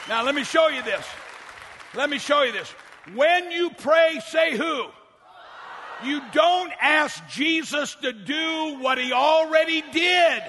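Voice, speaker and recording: An older man preaching a sermon as pastor, shouting often and rushing through quick asides. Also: extremely high pitch, in a large hall, slight background noise.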